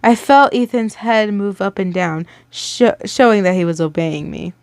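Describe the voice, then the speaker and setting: A woman's voice: mid-range voice, moderate pace, a little mellow, clear, resonant tone, no echo. A young woman reading a listener story aloud in a casual way, stumbling over words and stopping to react.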